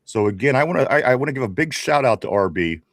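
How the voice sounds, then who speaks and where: A man's voice: mid-range voice, expressive, fast, no echo, studio quality. A man in his forties co-hosting a casual sports talk show with a Pittsburgh accent, rambling, repeating his greetings and laughing often. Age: 40s. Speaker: podcast co-host.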